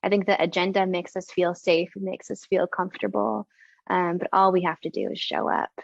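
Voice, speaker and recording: Gravelly, flat-voiced young woman guest. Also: on the low side, no echo. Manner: soft, earnest and measured, lingers on its words with gentle pauses. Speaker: podcast guest. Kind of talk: reflective conversation. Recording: slightly dull lo-fi sound.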